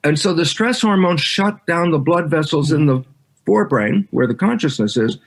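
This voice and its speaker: A guest speaker being interviewed has a fairly high voice with vocal fry and keeps a moderate pace. He stresses his ideas strongly and animates his anecdotes by acting out each person's lines.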